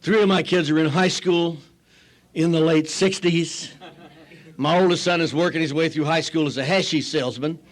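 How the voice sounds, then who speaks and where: A man's voice: fairly high pitch, steady tone, normal speed. Older man telling a wry, self-mocking story. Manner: acts out quoted people in voices. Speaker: AA speaker. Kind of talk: recovery talk storytelling.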